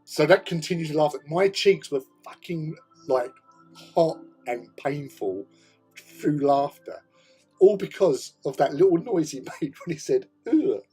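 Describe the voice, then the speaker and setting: A man's voice: a little high, animated, unhurried, mellow, faint music behind. A middle-aged British man hosting a hobby chat, telling a rambling story, laughing often and swearing casually. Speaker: hobby channel host.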